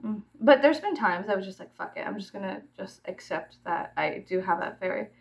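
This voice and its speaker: The audio is poor as this Texas woman talks a little fast, her medium-pitched voice gravelly and lively in intonation. A vlogger with a Texan accent, she rambles profanely and casually, laughing often and trailing into murmurs.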